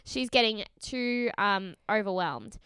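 A woman's voice: medium pitch, lively intonation, takes it slowly, pushed and bright, clear, resonant tone, no room sound. A woman co-hosting a podcast, chatting casually and giggling while she acts out quotes from a reality show. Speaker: podcast co-host.

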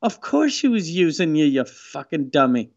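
A man's voice: a little high, sing-song, normal speed, creaky. A man co-hosting a casual podcast, telling stories in a profane, mocking way. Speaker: podcast co-host. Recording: muffled lo-fi audio.

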